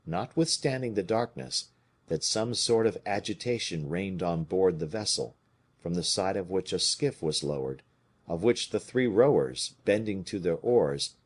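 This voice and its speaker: Male audiobook narrator, deep and husky, with a lively, animated delivery. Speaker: audiobook reader. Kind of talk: audiobook narration of a classic novel.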